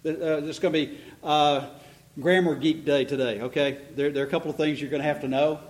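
A man preaching an expository sermon in a church, animated and climbing in pitch to stress points, with frequent restarts. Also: fast talker, rough recording. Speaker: pastor.

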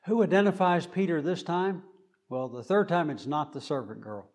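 A man preaching a sermon, speaking deliberately with frequent fillers. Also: a little high, a little mellow.

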